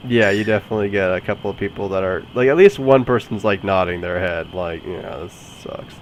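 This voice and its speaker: A man running a tabletop game as dungeon master, chatty and quick to laugh. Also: lowish voice, slight background noise, low-quality recording. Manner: laughs often, loose and chatty.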